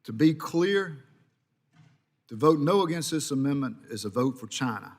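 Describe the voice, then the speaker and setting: A man's voice: mid-range voice, animated, moderate pace. A man from Georgia making rousing, formal remarks at a committee markup. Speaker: committee member. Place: large hearing room. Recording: long reverb of a hearing room.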